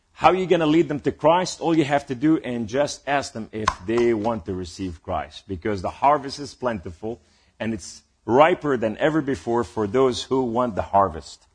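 Husky-voiced male preacher, emphatic sermon. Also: mid-range voice. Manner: rambling and emphatic, rising to exhortation.

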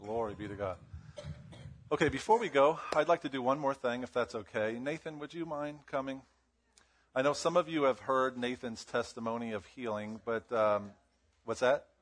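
A man's voice: medium pitch, normal speed. A man leading a church service, affirming the congregation with short church exclamations and calling people forward.

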